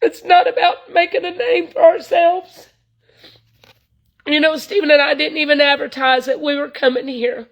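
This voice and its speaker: A woman's voice: sits high, steady tone, normal speed, creaky, poor audio. A woman, preaching informally to online viewers in an earnest, folksy way, full of "you know". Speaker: traveling evangelist.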